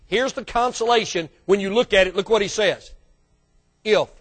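A man preaching a sermon as the church's pastor, swinging from loud bursts to hushed asides and calling out to the congregation. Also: sits high, a little fast. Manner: calls out to the congregation for response.

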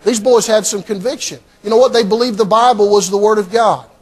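High-pitched emphatic preacher man. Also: fairly even intonation, brisk, breathy edge. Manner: emphatic preaching, repeats "hey" and "see". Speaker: pastor. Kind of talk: sermon.

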